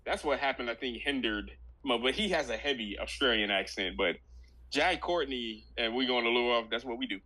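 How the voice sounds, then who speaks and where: A relaxed man in a podcast chat with a bright, clear-edged voice at middle pitch. He laughs easily and often drops into joking impressions. The recording is dry and close. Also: a little fast, no room sound, low-quality recording. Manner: easygoing, laughs often, does mock impressions. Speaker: podcast co-host. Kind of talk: casual movie-review chat.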